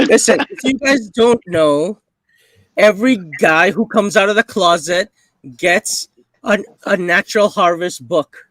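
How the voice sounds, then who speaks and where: A man's voice: sits high, a little slow, fairly bright tone, dry recording, poor audio. A man in a casual livestream chat, making crude jokes. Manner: crude, joking.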